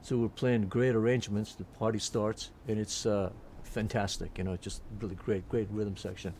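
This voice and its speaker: A man around eighty from Turkey, telling lively stories from his career as a jazz pianist and voicing the people he quotes. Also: lowish voice, normal speed, slight background noise. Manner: lively anecdotes, quotes people in put-on voices, frequent restarts. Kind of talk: reminiscing storytelling.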